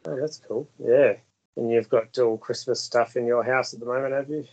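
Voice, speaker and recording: A man's voice: mid-range voice, fairly even intonation, normal speed, a little mellow, dull audio. A man co-hosting a podcast, chatting casually with dry remarks. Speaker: podcast co-host.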